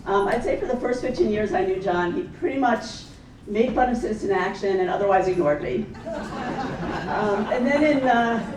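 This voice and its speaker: A woman giving a brisk, matter-of-fact speech at a memorial gathering, using some fillers. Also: mid-range voice, expressive, a crowd in the background, noisy background. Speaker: memorial speaker. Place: large hall. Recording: echoey hall, mic from far off.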